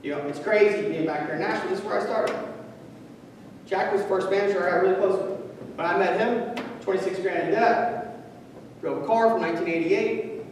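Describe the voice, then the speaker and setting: A man giving a profane, impassioned motivational speech, swinging from loud to hushed. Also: sits high, a little hiss or hum. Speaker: motivational speaker. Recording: echoey hall, voice from far off.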